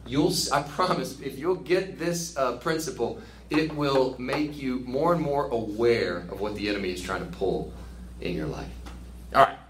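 A man leading a casual book study, chatty and animated, laughing at his own jokes. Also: medium pitch, moderate pace, a little hiss or hum. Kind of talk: casual teaching commentary. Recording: roomy with faint ambience.

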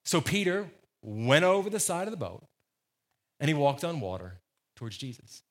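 A man's voice: a little high, big pitch swings, moderate pace. A man preaching a sermon as the church's pastor, emphatic and conversational, repeating phrases for stress.

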